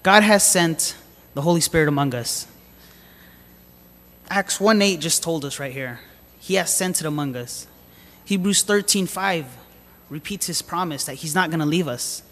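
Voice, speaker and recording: A man's voice: on the high side, normal speed, long pauses, a bit bright, in a large hall. A man preaching a sermon, reading scripture aloud and then telling a personal story in a casual, hesitant way with many fillers. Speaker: lay preacher.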